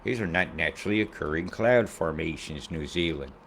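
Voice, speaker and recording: A man's voice: rumbling low, expressive, brisk, a bit bright, a little hiss or hum. A man giving casual weather commentary over satellite images, rambling, profane and conspiratorial.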